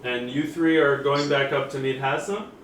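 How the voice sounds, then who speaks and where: A man running a tabletop game as its game master, narrating casually and halting with fillers. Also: medium pitch, steady tone, fairly bright tone, a little hiss or hum. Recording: roomy, distant home recording.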